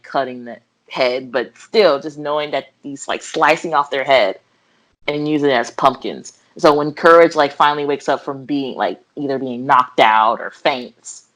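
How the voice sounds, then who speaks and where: A young adult woman co-hosting a podcast, chatting casually and laughing often as she retells scenes in acted-out voices. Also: low voice. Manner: giggly, animated retelling with voiced quotes. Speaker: podcast co-host. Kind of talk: casual chat.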